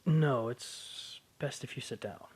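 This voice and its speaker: Man as a firm comforting grown man, hushed and husky, hoarse, slow. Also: mid-range voice. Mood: grave. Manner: steady, soothing, often hushed. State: hoarse, sore throat.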